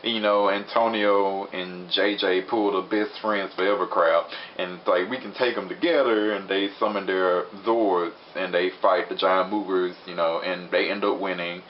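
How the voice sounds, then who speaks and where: Rambling low-voiced young man recapping. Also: level tone, normal speed, few pauses. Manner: rambling, chatty, fond of filler words. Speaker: show reviewer. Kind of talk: casual episode recap. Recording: dull lo-fi recording with faint hiss.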